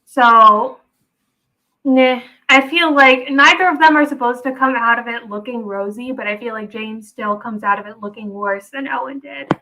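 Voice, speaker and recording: A woman's voice: a little high, normal speed, sharp tone, rough recording. A young woman co-hosting a casual recap podcast, hesitant and trailing off at the end of her points. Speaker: podcast co-host.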